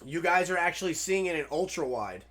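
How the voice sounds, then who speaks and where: A man commentating his own gameplay live, excitable and swearing at the game, then talking softly to his pet. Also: fairly high pitch, a little fast. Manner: soft baby talk to a pet. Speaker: game streamer.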